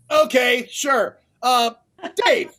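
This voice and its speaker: A man refereeing an online improv comedy match, chatty and quick to rule on the jokes, speaking over a video call. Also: very high voice, bright, forceful tone. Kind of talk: casual show hosting.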